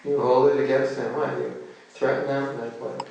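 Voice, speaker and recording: An American man gives a relaxed spiritual talk, chatting with the room and tossing questions at the audience. His voice has a gravelly edge. He sounds distant from the mic, with heavy echo around him and faint ambience behind. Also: medium pitch, moderate pace. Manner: chatty, jokes and quizzes the audience. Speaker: seminar teacher. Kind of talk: casual spiritual lecture to a live audience.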